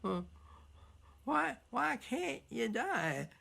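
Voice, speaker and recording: A polite, aging country fellow from a told folktale stammers through his questions, a little higher than a man's voice, as a woman storyteller voices him. He sounds gentle and unhurried, with a creaky edge. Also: very animated, full character voice. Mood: puzzled.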